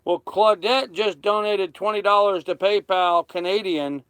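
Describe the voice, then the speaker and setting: A man's voice: sits high, measured pace, a bit bright, clean tone, no echo. A man in his thirties hosting a casual livestream from his sailboat, chatting and thanking viewers by name. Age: 30s. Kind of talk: casual livestream chat reading comments. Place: on a sailboat cockpit.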